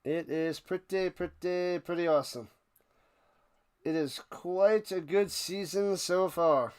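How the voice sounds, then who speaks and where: A man hosting a live watch party, calling plays casually and chatting with viewers, bursting into loud hype on big plays. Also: high-pitched, slow, clean tone. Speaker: watch party play-by-play host. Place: home room, his man cave.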